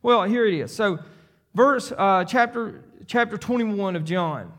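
High-voiced, emphatic male preacher. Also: expressive, unhurried, a bit bright. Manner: emphatic and repetitive, preaching on scripture; talks directly to the congregation. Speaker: pastor. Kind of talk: sermon.

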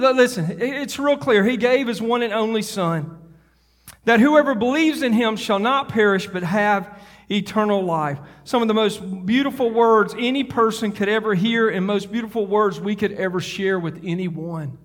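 Fervent high-voiced pastor preaching. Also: male voice, moderate pace, in a large hall. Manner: fervent, rising to hollering. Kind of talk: sermon. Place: church sanctuary.

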